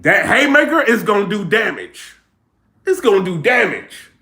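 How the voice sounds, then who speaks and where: A man's voice: high voice, very animated, moderate pace, sharp tone, echoey room. A man casually commenting on a rap battle in a vlog, telling the story animatedly in slang and mimicking the people he describes.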